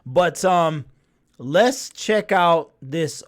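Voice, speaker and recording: A man's voice: fairly high pitch, expressive, extremely slow. A man hosting a casual sports talk livestream, reacting to viewers' chat and reading comments aloud with lots of fillers and repeats.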